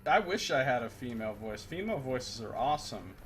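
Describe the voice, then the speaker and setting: A man streams a game live and chats with his viewers between moves. He swears freely and jokes dryly, in a mid-pitched voice. A faint background hiss sits under his desk mic. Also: sing-song, a little fast. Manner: profane, joking asides to chat. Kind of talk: casual live-stream commentary while gaming.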